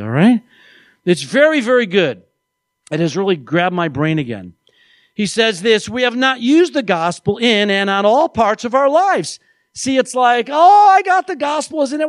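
A male pastor delivering a lively sermon in a high voice. He talks with a playful, animated manner and acts out quoted voices. His voice is close and dry, with no room echo.

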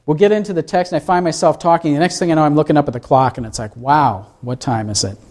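A man's voice: fairly high pitch, lively intonation, very fast, a little mellow. A male pastor preaching a sermon, full of rhetorical questions and acted-out quotes.

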